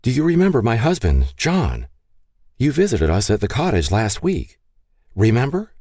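A man voicing a graceful young woman who speaks in a calm, caring way. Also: on the low side, fairly quick, breathy edge, no echo, studio quality, pitched above the performer's own voice. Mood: soothing. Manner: soothing.

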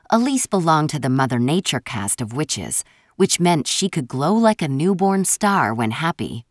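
A woman reads a first-person fantasy story with a wry, expressive delivery. Her voice sits low but moves a lot in pitch, and the recording is close and dry. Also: no echo. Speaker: audiobook narrator. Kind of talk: scripted audiobook narration.

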